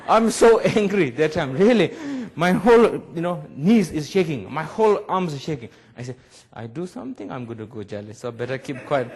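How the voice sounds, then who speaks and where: A man in his forties, a Buddhist teacher, giving a public talk in broken English and telling lively stories. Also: fairly high pitch, brisk, few pauses. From Nepal.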